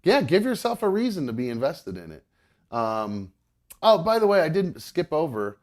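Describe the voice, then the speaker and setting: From home, with pets around, a man co-hosts a podcast in a voice on the high side, darkish in tone, with wildly swooping pitch at normal speed. His casual chat rambles along, full of ums and uhs, and he laughs easily.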